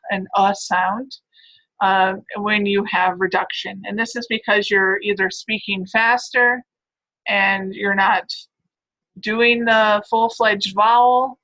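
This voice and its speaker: A woman lectures on phonetics in a bright, clear voice. She explains patiently, often pausing to check in with her class before moving on. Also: mid-range voice, low-quality recording. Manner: explanatory, with frequent "right?" and "all right".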